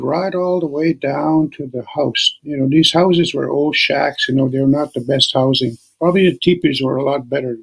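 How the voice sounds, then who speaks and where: Middle-aged man, oral storyteller, husky and gravelly, easygoing delivery. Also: fairly high pitch. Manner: unhurried, conversational, with many you-knows.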